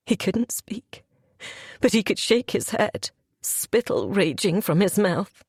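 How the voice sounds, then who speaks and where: Breathy woman narrating an audiobook. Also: medium pitch, very animated, takes it slowly, a little mellow, no room sound, clean studio sound. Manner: emotional, confessional storytelling. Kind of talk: first-person audiobook narration.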